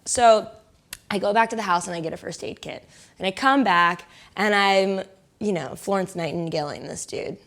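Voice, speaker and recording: A young adult woman casually telling a personal story, often saying "like", laughing a lot and sometimes dropping to a soft whisper. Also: mid-range voice, moderate pace. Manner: chatty, heavy use of "like", laughs often. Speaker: interviewee.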